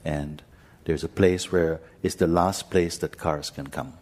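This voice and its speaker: A man who teaches spirituality, telling a personal story to a gathering in a gentle, unhurried way with frequent pauses. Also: a bass voice, steady tone. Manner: gentle, unhurried, pausing often. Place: talk hall in India.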